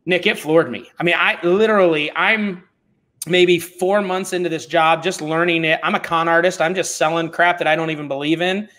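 A middle-aged man talking as a podcast guest, telling stories in a blunt, animated, informal way. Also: on the high side, normal speed. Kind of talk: casual conversational storytelling.

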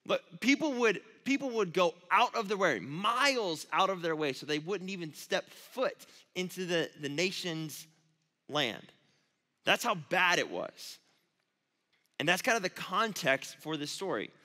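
A youth pastor preaching in a casual, storytelling way with animated asides. His voice is high and bright. A long reverb from the large auditorium hangs behind every phrase. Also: unhurried. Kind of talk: youth sermon.

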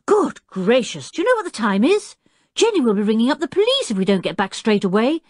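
A woman voicing a responsible, bossy older teenage boy who speaks in a brisk, commanding and scolding way. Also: a little high, sing-song, no room sound, studio quality, voice pushed up. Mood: hurried.

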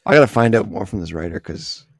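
A man co-hosting a podcast, chatting casually about a comic book, animated and laughing often. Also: on the low side, quick pace, creaky, slightly rough, no echo, studio quality. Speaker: podcast co-host.

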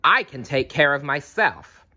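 Storybook: man voicing a defiant young girl dinosaur, high, lively delivery. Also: extremely slow, exaggerated voice. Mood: proud defiant. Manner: boastful, defiant. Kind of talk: storybook read-aloud.

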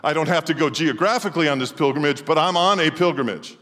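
A man's voice: on the high side, fast talker. Preaching man in a reverberant church. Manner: emphatic preaching with sudden swings from loud to quiet. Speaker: pastor. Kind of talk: sermon. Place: church sanctuary. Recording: long church hall reverb.

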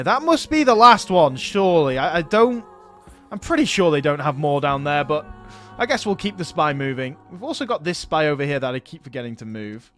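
A man with a somewhat high voice talks casually through a strategy game, thinking aloud as he goes. He is chatty and laughs easily, with faint music playing underneath. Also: fairly bright tone. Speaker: let's play host.

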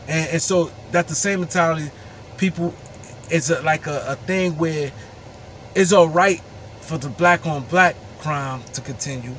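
A man's voice: high-pitched, fairly bright tone, slight background noise. A young man in ranting in a heated, profane way, repeating his words as he talks. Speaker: commentator. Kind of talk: angry ranting vlog.

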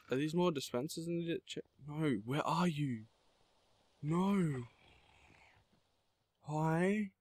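A man's voice: on the high side, dry recording. A man giving nervous let's-play commentary through a horror game map, easily scared and talking to the monsters he meets. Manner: jumpy and easily scared, panicked bursts of no. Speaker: gamer playing a horror map.

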